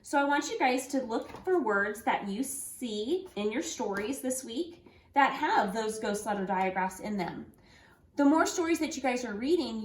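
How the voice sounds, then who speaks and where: A woman with a slightly high voice teaches young children a phonics lesson. She talks slowly and clearly, spelling out letters and encouraging the kids along. The room around her sounds roomy and echoey. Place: home room with an easel.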